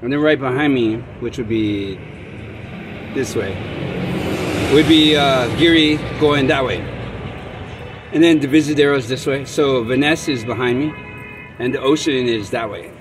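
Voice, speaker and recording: A man's voice: mid-range voice, music in the background. A man chatting casually into his phone for a vlog, rambling and restarting his sentences often. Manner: rambling, halting with many restarts. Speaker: vlogger. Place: outdoors at an urban bus stop. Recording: street traffic noise. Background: traffic noise.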